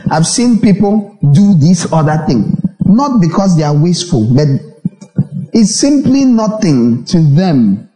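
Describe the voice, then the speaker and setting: A Nigerian man preaching a sermon as pastor, repeating phrases and acting out little dialogues. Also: on the high side. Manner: animated preaching with repetition and acted-out dialogues. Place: church hall. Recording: echoey reverberant church hall.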